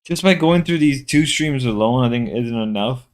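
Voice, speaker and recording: A man's voice: mid-range voice, expressive, normal speed. A young man co-hosting a stream in casual chat, rambling and joking with hesitant restarts. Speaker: stream co-host.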